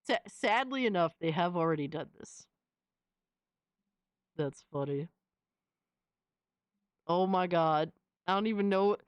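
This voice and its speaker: A woman's voice: fairly low pitch, animated, takes it slowly, pauses often, smooth, no room sound. A young woman streamer reacting casually to fan images, slangy and exclamatory, often laughing.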